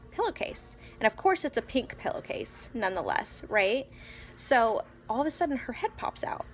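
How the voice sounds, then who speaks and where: A young woman, a mother of three young children, casually telling a story in a home vlog, rambling with many fillers and restarts. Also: fairly high pitch. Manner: quotes her child in a soft whisper. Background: faint music playing.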